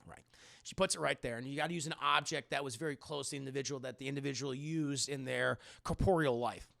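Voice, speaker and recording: A man's voice: medium pitch, quick pace, vocal fry, a bit bright. A man casually retelling a movie scene as a reviewer, rambling with many restarts.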